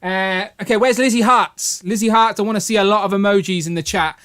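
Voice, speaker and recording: A man's voice: high voice, brisk, fairly bright tone, clean tone. A man casually hosting a toy livestream, joking and reading out chat comments. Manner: chatty, jokey, reads out chat comments. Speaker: livestream host.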